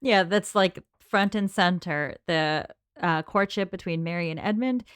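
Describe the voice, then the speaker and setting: A woman's voice: on the low side, unhurried, fairly bright tone, clear, resonant tone, dry recording, clean studio sound. A woman co-hosting a podcast, leading the segments of a casual book discussion in an organized, talkative way. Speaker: podcast co-host.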